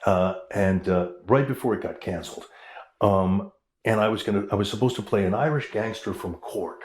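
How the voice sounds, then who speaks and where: A middle-aged American man with a somewhat low voice tells stories animatedly as an interview guest. He keeps restarting his sentences and dropping in fillers. The recording carries a roomy echo. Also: moderate pace, a little mellow. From United States. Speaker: guest actor. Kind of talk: anecdotal storytelling interview.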